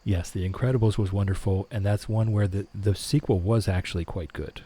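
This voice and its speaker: A middle-aged man hosts a laid-back live stream, reading out comments and answering each one. His voice sits low, with a mellow, slightly husky tone. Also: fairly quick. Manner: relaxed, reads chat aloud and answers it.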